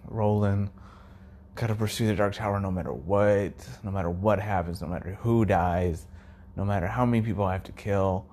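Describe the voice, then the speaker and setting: A man's voice: lowish voice, steady tone, moderate pace, darkish tone, a little hiss or hum. A man hosting his own podcast, musing casually and enthusiastically in a rambling way that often trails off, at times dropping to a near-whisper. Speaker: podcast host.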